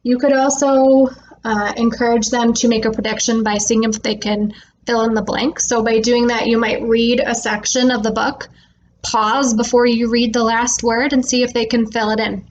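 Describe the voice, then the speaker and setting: A woman speech therapist explaining reading tips to parents in a relaxed way, with frequent "um" fillers, slowing down to stress words when she models them. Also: a little high, lo-fi sound, slight background noise. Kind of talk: instructional talk to parents.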